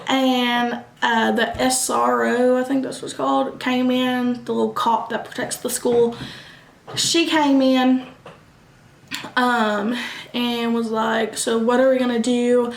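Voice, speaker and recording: Woman, young, animated storytelling, bright high-ish voice, roomy echo. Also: vocal fry, slight background noise. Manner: animated, quick bursts, acts out quoted voices. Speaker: vlogger. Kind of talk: casual storytime. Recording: echoey room.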